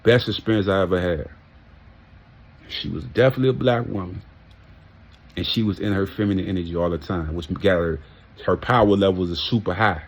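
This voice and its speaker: A man's voice: sits low, a little fast, long pauses. A man telling a casual, heartfelt story, emphatic and full of street slang and profanity. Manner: heartfelt and reminiscing. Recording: muffled lo-fi audio.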